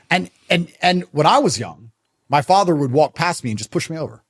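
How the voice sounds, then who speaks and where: A man's voice: a little high, lively intonation, a little fast. A man speaking as a guest in a podcast conversation, blunt and emphatic in his statements.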